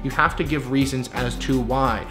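A man's voice: mid-range voice, steady tone, moderate pace. Brief: male commentary vlogger, casual and earnest, mid-range voice, music bed underneath. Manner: earnest, lecturing, repeats himself when emphatic. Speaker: commentary youtuber.

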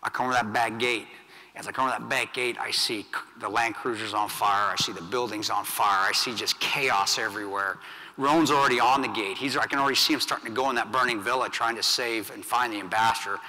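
Middle-aged male veteran speaker, blunt and intense, hard-edged bright tone, echoing event hall. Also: lowish voice, fairly quick. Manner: blunt, intense, swings from loud to hushed. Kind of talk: storytelling speech to an audience. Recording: long hall reverb.

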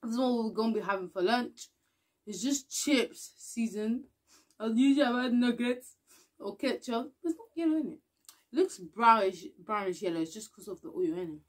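A woman's voice: on the high side, moderate pace. Chatty young woman vlogging. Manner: chatty, laughs often, mumbles and hums softly. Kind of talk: casual chat to camera.

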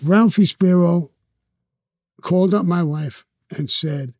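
A man's voice: high-pitched, slow, long pauses, a little mellow, dry recording, studio quality. An older man with a Brooklyn accent, telling long profane street stories bluntly as an interview guest. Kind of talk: storytelling interview.

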